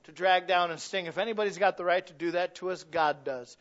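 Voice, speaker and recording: Male pastor, high voice, conversational sermon delivery, muffled lo-fi recording. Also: brisk, a bit bright. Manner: conversational preaching, asks the congregation questions, acts out little quoted voices.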